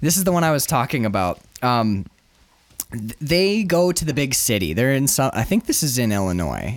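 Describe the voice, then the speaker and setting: A man's voice: mid-range voice, very animated, moderate pace, no room sound. A man chatting casually about a book, rambling and restarting as he searches the pages.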